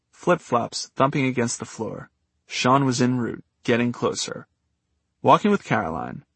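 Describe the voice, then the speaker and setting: A man's voice: mid-range voice, gravelly, fairly bright tone, breathy edge, no room sound. A man narrating his own memoir as an audiobook, in a wry, dryly humorous manner.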